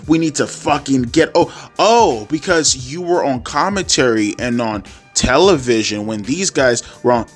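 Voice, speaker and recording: A man talking casually in a mid-range voice, rambling through his opinions with constant restarts, self-corrections and the odd swear word. Soft instrumental music plays faintly underneath. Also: medium pitch, normal speed, hardly any pauses. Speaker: wrestling commentary YouTuber.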